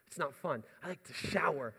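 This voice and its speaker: A man's voice: fairly high pitch, expressive, normal speed, gravelly, bright, forceful tone, breathy edge. A man from the United States telling a self-mocking story as a pastor during a sermon. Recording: long hall reverb.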